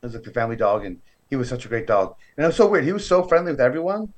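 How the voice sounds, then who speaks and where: Man, lively storyteller voicing quoted lines. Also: mid-range voice, racing. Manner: animated storyteller who acts out quoted voices. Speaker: podcast guest. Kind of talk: casual interview chat.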